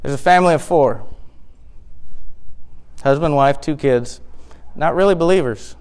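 A man preaching a sermon as pastor, impassioned and full of rhetorical questions, rising at times to near-shouting. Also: on the high side, a little slow, clear, resonant tone.

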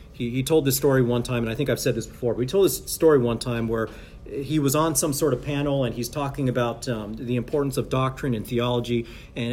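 A man preaching a sermon in a conversational, halting way with many fillers and restarts, building to emphatic preaching. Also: medium pitch, a little mellow. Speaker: pastor or Bible teacher.

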